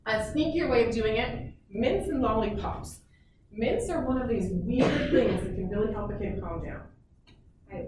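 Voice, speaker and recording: Female psychologist, casual presenter, constant "okay?" check-ins; distant mic, reverberant hall, audible room noise. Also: fairly high pitch. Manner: chatty, peppered with "okay?" checks. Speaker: psychologist giving a parenting talk. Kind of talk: informal presentation to parents. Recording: echoey room, mic far off, noisy.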